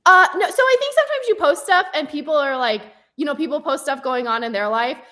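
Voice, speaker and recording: A woman's voice: high-pitched, expressive, fast, pushed and bright. A woman guest in a casual chat, speaking in a chatty, upbeat, encouraging way.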